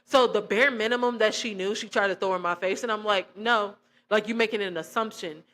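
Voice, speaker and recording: A young woman, telling a personal testimony in a casual, animated way and acting out quoted dialogue. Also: mid-range voice, brisk. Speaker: vlogger.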